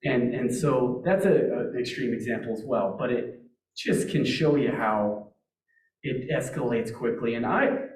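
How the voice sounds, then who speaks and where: A man's voice: medium pitch, unhurried, darkish tone. Man giving a talk in an echoey room. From Montana. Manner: conversational storytelling with many restarts. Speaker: wildlife agency speaker. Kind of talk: public talk. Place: meeting hall. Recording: roomy echo, distant mic.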